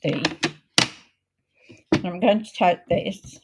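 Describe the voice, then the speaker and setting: A woman hosting a card-making video, chatting in a homely way while she works, her voice a little croaky. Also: fairly low pitch, a little mellow, a little hiss or hum. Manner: chatty, homely, unhurried, talks while working. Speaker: craft video host. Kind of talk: casual crafting demo chat.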